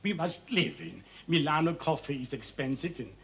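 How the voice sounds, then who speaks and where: A man's voice: fairly high pitch, lively intonation, moderate pace, a bit bright, slight background noise. An actor playing a worried Swiss village cafe owner and father with a Swiss accent, earnest and pleading in a 1970s TV crime drama. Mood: anxious. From Switzerland.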